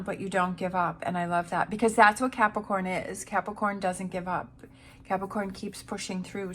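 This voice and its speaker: A woman giving a tarot reading in a casual, encouraging way. She talks slowly and repeats her reassurances. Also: mid-range voice, a little hiss or hum. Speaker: tarot reader.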